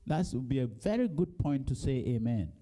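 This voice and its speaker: A man preaching a sermon, reading scripture in a low voice and then rising into loud, emphatic exhortation. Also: very animated, moderate pace.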